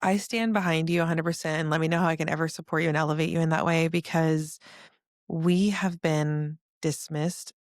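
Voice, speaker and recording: A woman hosting a podcast, telling a personal story in a lively, casual way with frequent laughter. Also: deep voice, brisk, no room sound, clean studio sound. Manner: animated storytelling, laughs often. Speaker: podcast host. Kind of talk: casual conversation.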